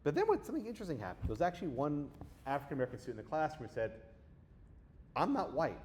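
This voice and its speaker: Middle-aged man, guest lecturer, animated and conversational, faint room ambience. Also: on the high side, rapid-fire, slight background noise. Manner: lively, conversational, talks to the audience with frequent "right?". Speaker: law professor giving a guest lecture.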